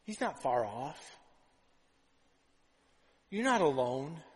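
A pastor delivering a conversational sermon, full of "right?" asides, swinging between loud and hushed. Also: male voice, on the high side, very animated, slow pace, husky, long reverb tail, low-quality recording.

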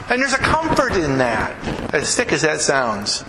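A man's voice: a little high, wildly swooping pitch, a little slow. A man preaching a sermon in a church, conversational and earnest, often checking in with the congregation. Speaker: pastor. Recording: echoey hall with background noise.

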